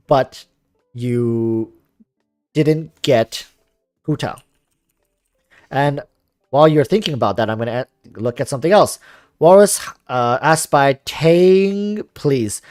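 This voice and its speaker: A young man streaming a game, chatting casually with a calm, relaxing voice while he rambles through viewer comments and answers their questions. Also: medium pitch, dry recording, studio quality. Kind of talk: casual livestream chat.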